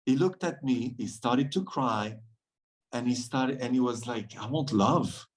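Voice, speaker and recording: A man's voice: medium pitch, measured pace, rough recording. A man from France, a guest on a podcast, telling stories in an earnest, reflective way and often laughing between thoughts. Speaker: guest, men's circle facilitator.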